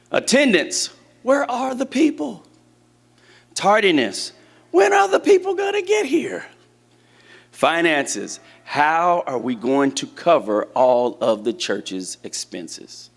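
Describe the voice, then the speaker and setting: A man preaches to his congregation in a loose, conversational way, often putting questions to the room. His voice sits a little high for a man, and it swings up and down with animation. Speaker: church teacher. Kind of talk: sermon to a congregation. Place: church hall with a congregation.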